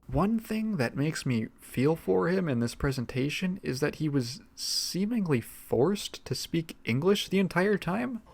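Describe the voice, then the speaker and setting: A man's voice: a little high, sing-song, a little slow, vocal fry, few pauses, darkish tone. A man giving scripted video narration with dry, sarcastic commentary.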